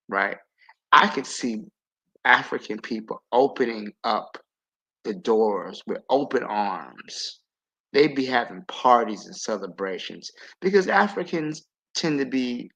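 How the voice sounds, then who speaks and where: A man's voice: mid-range voice, vocal fry, sharp tone, low-quality recording. A man on a podcast livestream, talking earnestly and lecturing as he builds his argument with asides. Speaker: livestream panelist. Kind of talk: casual podcast discussion.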